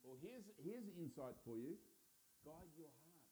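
Male preacher, warm slightly raised voice, emphatic chatty sermon, reverberant hall. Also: a little high, animated, moderate pace, a little hiss or hum. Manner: conversational, emphatic, asks the congregation to respond. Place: church.

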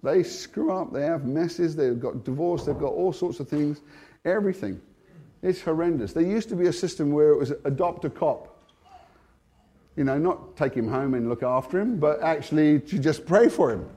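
Animated British man telling a testimony. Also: a little high, normal speed. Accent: British English. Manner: animated storytelling, laughs often; swings between hushed and loud. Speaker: Christian speaker. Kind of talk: testimony sermon.

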